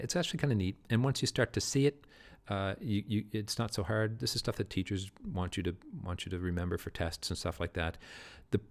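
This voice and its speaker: Low gravelly man explaining a play. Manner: chatty, self-correcting, reads quotes aloud with emphasis. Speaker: teacher. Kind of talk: casual literature lesson.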